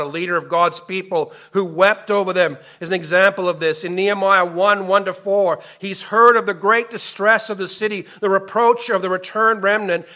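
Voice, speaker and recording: A man preaching a sermon as a pastor, impassioned, swinging from loud emphasis to soft, hushed lines. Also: high voice.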